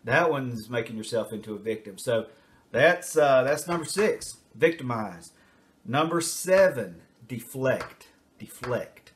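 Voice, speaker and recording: An older man, a retired teacher, talks parents through a numbered list in a loose, rambling way. He fills his speech with asides and fillers. His voice sits at an ordinary middle pitch. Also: lively intonation, unhurried. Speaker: retired teacher and school administrator. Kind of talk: casual advice talk to camera.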